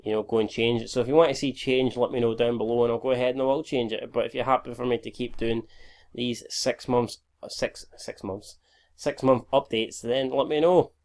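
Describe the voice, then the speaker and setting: A man's voice: medium pitch, fairly even intonation, fast, hardly any pauses, darkish tone. A man in his twenties talking over his own gameplay at a home desk mic, sweary and easygoing. He sounds tired from recording at five in the morning, and he trips over words as he goes. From Scotland. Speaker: gaming YouTuber. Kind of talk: casual gameplay commentary.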